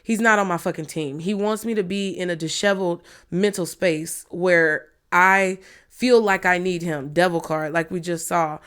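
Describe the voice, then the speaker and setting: Woman, thirties, low pitch, blunt, swears freely, frank talk to viewers. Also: steady tone, moderate pace, a bit bright, clean tone. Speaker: tarot reader. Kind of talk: candid personal talk to viewers.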